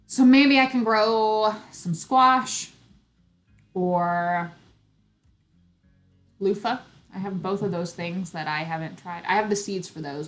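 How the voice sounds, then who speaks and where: A woman's voice: mid-range voice, a bit bright. Giggly woman chatting casually. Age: 30s. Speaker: homesteading channel host. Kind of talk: casual live-stream chat. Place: home.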